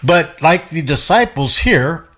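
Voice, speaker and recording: A man leads a relaxed Bible study in a conversational way. He speaks emphatically, repeats words as he thinks, and acts out the voices in the stories he retells. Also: on the high side, slow. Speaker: Bible teacher.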